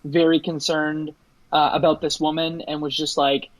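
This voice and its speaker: A man's voice: fairly high pitch, flat delivery, moderate pace, no echo, poor audio. A man talks through a game on a podcast in a slightly raised voice. He chats easily, filling his sentences with "like" and "you know." The sound is dry and close, with no room around it. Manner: chatty, leans on "like" and "you know". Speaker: podcast co-host. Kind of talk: casual chat about a video game.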